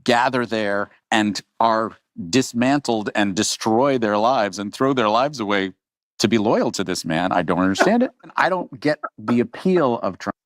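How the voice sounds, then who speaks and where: A man's voice: fairly low pitch, lively intonation, normal speed, no echo. A man speaking as a guest on a TV panel discussion, hesitant and restarting his sentences.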